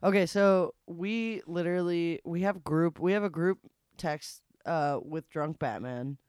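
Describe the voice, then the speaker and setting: A woman's voice: fairly low pitch, unhurried, darkish tone, smooth, no room sound, clean studio sound. A woman co-hosting a podcast in casual chat, who swears freely, laughs a lot and trails off with ums. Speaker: podcast co-host.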